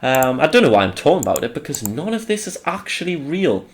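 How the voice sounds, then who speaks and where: A young man hosts his channel and rambles through casual commentary on a wrestling sim game. His delivery is sarcastic and peppered with swearing. His voice swings widely up and down in pitch. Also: very animated, fast talker. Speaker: channel host.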